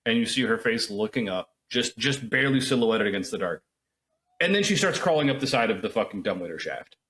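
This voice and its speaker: A man with a lowish voice chatting loosely on a podcast. He rambles through fillers and profanity and plays out little reactions as he tells things. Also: animated, a little fast, fairly bright tone. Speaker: podcast co-host. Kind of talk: casual chat.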